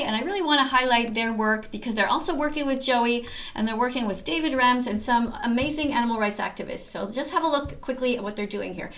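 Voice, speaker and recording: A woman's voice: fairly high pitch, fairly bright tone. A woman hosting casual commentary over activist videos, talking in an emphatic, enthusiastic way. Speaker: host reacting to activist videos.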